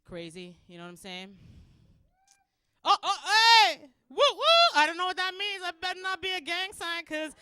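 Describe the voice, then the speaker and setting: A woman from Canada in her thirties doing a stand-up set, acting out her kids and herself in loud, high voices. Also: expressive, fast talker, few pauses. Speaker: stand-up comedian. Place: comedy club stage.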